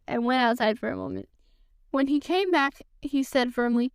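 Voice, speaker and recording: A woman reading a children's book aloud for a podcast in a gentle storytelling manner. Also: sits high, normal speed, clear, resonant tone, no room sound. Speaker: podcast reader.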